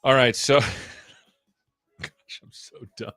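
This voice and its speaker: A man's voice: mid-range voice, fairly even intonation, very slow, sharp tone, no echo, studio quality, soft background music. A man hosting a casual tech livestream, joking around and poking fun at himself. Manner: joking, self-deprecating. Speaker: tech show host.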